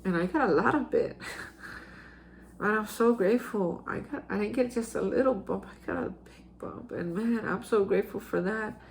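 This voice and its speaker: A woman's voice: medium pitch, moderate pace, creaky, slight background noise. A woman hosting a recovery reflection, telling a personal story in an earnest, emotional way, with many fillers and restarts. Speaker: host sharing daily recovery reflections.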